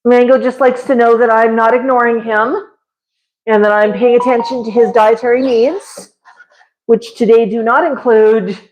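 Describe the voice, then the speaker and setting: A woman hosting a casual livestream, chatting with viewers and coaxing her parrots in a high pet-talk voice. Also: a little mellow, poor audio.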